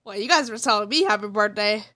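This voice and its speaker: A woman's voice: mid-range voice, fast talker, sharp tone. A woman streamer with a stuffed-up, congested voice, chatting casually and teasing her viewers. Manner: playful, teasing the chat. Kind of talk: casual live-stream chat.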